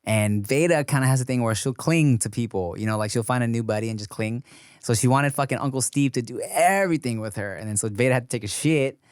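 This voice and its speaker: A man in his thirties hosting a podcast, telling loose, profane stories with quick asides in casual chat. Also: medium pitch, smooth, no room sound, studio quality. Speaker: podcast host.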